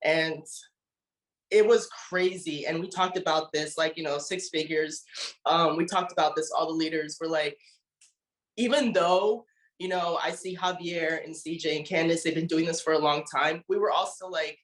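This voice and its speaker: A woman's voice: deep voice, fairly even intonation, normal speed. Earnest woman in an echoey room. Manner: emotional, repeats "you know" often. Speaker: network marketing leader giving a testimonial. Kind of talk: heartfelt motivational testimony.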